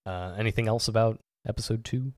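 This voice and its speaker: A man's voice: on the low side, brisk, no echo, studio quality. A man co-hosting a podcast in casual chat, rambling with lots of "like" and "um". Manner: rambling, full of "like" and "um". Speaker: podcast co-host.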